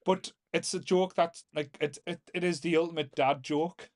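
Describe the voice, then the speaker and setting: A man co-hosting a casual podcast, speaking a little higher than most men. He gushes enthusiastically and keeps restarting his sentences. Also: steady tone, moderate pace. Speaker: podcast co-host. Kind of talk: casual chat.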